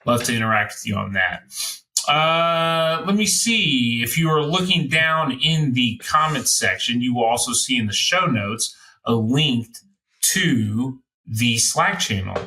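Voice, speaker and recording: A man's voice: mid-range voice, animated, unhurried, sharp tone. A man hosting a podcast, rambling loosely and playfully through chat and sign-off plugs. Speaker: podcast host.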